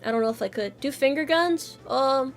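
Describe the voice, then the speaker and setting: Woman, casual stream chat, playful, swears, laughs a lot, high voice, lively swings. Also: normal speed, faint music behind. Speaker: VTuber streamer.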